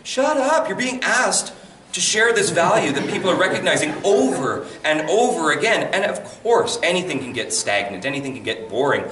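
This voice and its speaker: Man with a deep voice, far off in an echoey room. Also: moderate pace, background noise. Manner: animated storytelling, acting out quotes. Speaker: voice actor guest. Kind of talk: conversational advice talk. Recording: echoey room, mic at a distance.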